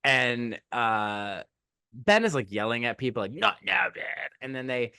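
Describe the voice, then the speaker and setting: A man co-hosting a podcast, recapping a movie in animated, joking chat. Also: mid-range voice, unhurried, smooth, no room sound, studio quality. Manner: animated, jokey, quotes characters in sped-up asides. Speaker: podcast co-host.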